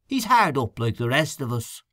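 A man's voice: medium pitch, big pitch swings, moderate pace, pushed and bright, no echo. A mild, doubtful male canvasser in a spoken storybook, as a man reads him. The voice rises and falls a lot, in a dry, close recording.

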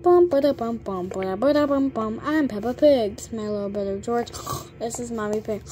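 A woman's voice: a little high, a little fast, a little mellow, a little hiss or hum, close to an everyday voice. A girl mimicking a cheery cartoon piglet girl who introduces her family in a sing-song, announcing way. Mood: mocking.

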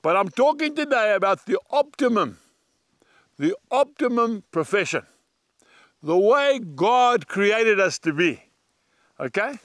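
A man's voice: high voice, sing-song, unhurried, long pauses, fairly bright tone, no room sound. A man giving an earnest, homely devotional talk straight to his viewers, recorded outdoors in a horse schooling ring. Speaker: evangelist host. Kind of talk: folksy devotional address to viewers.

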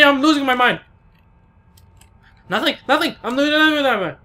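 Panicky, high-voiced let's play guy. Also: animated, moderate pace, bright, forceful tone. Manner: jumpy, cries out in panic, curses at the game. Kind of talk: excitable gameplay commentary.

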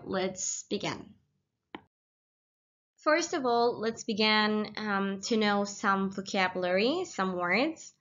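Woman, casual teacher, clear bright tone, repeats each word with patient pauses, lo-fi recording. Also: medium pitch. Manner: patient, repeats words slowly with hesitant fillers. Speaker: language teacher. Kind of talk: casual spoken lesson.

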